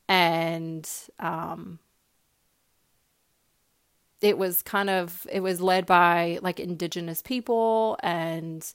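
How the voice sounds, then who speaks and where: A woman's voice: fairly low pitch, steady tone, very slow, long pauses, clear, resonant tone. A young woman hosting a podcast, sharing a personal story in a heartfelt, casual way with many fillers and repeated words. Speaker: podcast host.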